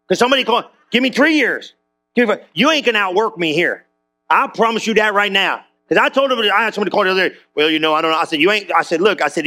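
High, bright-voiced preacher man. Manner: conversational, jokey preaching with rhetorical questions; repeats phrases, drops into a low soft voice for scripture. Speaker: pastor. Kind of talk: sermon.

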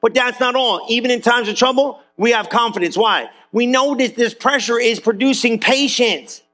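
In church, a male pastor gives a sermon, treating his congregation like friends and urging them on with frequent calls to clap and say amen. His pitch is extremely high, his speed is normal, and his tone is a bit bright.

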